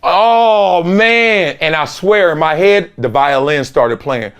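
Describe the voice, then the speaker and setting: A man's voice: on the high side, lively intonation, a little slow, a bit bright, clean tone. A middle-aged man, a former football player, hosting a sports talk show in an emphatic storytelling monologue, acting out the voices of people in his stories. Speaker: host, former NFL player.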